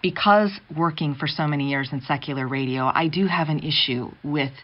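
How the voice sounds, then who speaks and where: Female radio host, very low pitch, reflective and measured, dull audio. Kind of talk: talk radio interview. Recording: dull muffled sound.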